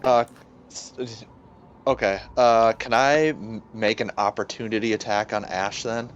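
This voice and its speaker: A man's voice: on the low side, fairly even intonation, a little slow, clear, resonant tone, dull audio. A man playing a tabletop game, asking hesitant rules questions. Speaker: player. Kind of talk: casual game chat.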